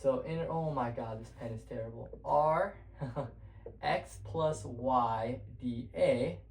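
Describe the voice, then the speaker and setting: A man's voice: medium pitch, slow pace, a little mellow. A young man teaching math at a whiteboard in a loose, rambling way, full of fillers and restarts. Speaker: math tutor. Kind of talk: casual whiteboard lesson. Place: room with a whiteboard. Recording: echoey room.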